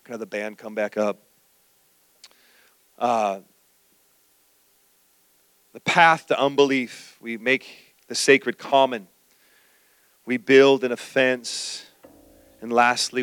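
A male pastor preaching a sermon, telling a personal story with animated, acted-out quotes. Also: mid-range voice, takes it slowly, pauses often, clean tone, dry recording, faint music behind.

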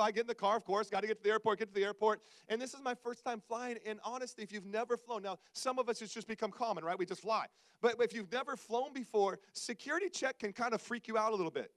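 A man preaches in a fairly high voice, with animated, self-mocking humor that keeps the sermon conversational. He talks to his congregation as if chatting with friends. The sound is dry and close. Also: no room sound. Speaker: pastor. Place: church service before a congregation.

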